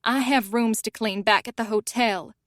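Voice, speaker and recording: A woman's voice: high-pitched, moderate pace, a bit bright, no room sound, studio quality. Woman voicing a sassy, mocking young woman. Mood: spiteful. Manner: mocking and dramatic. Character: sassy blunt young woman friend, quick-tongued.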